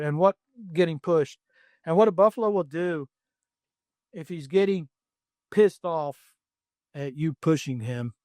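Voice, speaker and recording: A middle-aged man tells hunting stories in a blunt, plainspoken way, full of "uh"s and restarts. His voice sits a bit high for a man. The sound is close and dry. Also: darkish tone, no echo. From United States. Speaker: professional hunter and safari outfitter. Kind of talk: podcast interview storytelling.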